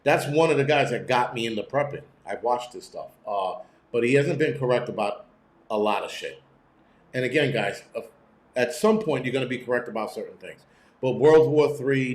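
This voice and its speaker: A man's voice: medium pitch, moderate pace, reverberant. Blunt, profane New man ranting. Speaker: prepping channel host. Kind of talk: casual livestream rant. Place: room at home.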